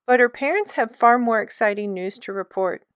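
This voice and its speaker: A woman reading a storybook aloud for an art class, telling it in an expressive, lively way. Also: on the high side, normal speed, smooth, dry recording, clean studio sound.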